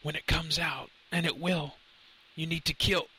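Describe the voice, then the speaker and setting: A man voicing a weak, fading male professor near collapse who speaks in breathy, shallow, hushed warnings, higher and softer than his narrating voice. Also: little pitch movement, normal speed, full character voice, rough recording. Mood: urgent.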